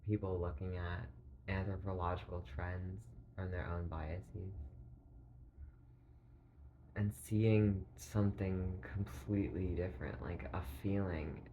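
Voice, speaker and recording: A man thinking aloud in a rambling philosophical monologue, halting and full of filler words, often clearing his throat. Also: low-pitched, darkish tone, a little hiss or hum.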